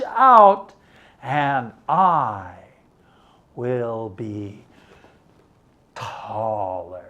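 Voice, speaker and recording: An older man putting on the voice of a stubborn little boy who wants to grow tall, speaking slowly and strained. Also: medium pitch, lively intonation, bright, forceful tone, muffled recording, pitched below the performer's own voice, heavily acted.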